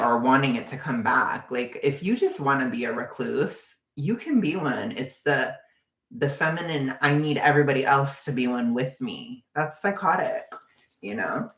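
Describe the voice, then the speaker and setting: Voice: medium pitch, vocal fry, fairly bright tone, reverberant. A vlogger ranting in a casual, profane, exasperated way.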